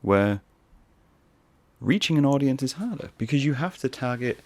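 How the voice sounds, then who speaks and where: Speaking at a moderate pace with an expressive, mid-range voice, this podcast host rambles casually on his own and pokes fun at himself along the way. There's no audible room sound.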